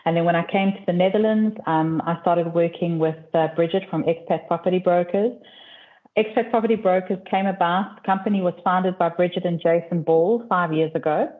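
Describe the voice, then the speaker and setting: A South African woman guest, a property broker, answering questions in a measured way. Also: fairly low pitch, steady tone. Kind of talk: interview answers. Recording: tinny call line.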